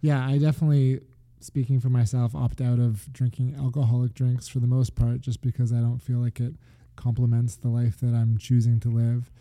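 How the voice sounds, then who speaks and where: A man's voice: medium pitch, flat delivery, brisk, hardly any pauses, mellow. A man in his thirties co-hosting a podcast, chatting casually and laughing easily. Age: 30s. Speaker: podcast co-host. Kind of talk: casual chat.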